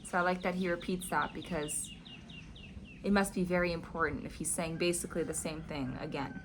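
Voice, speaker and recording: A woman with a somewhat low voice talks to her viewers in a relaxed, reflective monologue. She tells stories in a chatty way, leaning on "like" as a filler, with a faint hiss of background noise. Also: a little fast. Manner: chatty storytelling with frequent "like" fillers. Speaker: vlogger discussing spiritual teachings.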